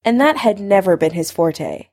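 A woman narrating a fan fiction story aloud in an expressive, conversational reading style. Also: medium pitch, normal speed.

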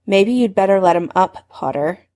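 A woman voicing an authoritative older schoolboy in a story reading, lowering her voice for a measured warning. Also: animated, dark tone, lightly acted. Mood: stern. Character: older male student, calm and authoritative.

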